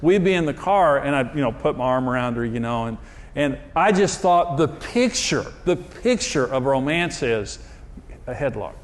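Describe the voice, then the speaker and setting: A man's voice: medium pitch, animated, moderate pace, a little hiss or hum. A man preaching in a humorous, self-deprecating storytelling way, using jokes and anecdotes. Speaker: pastor.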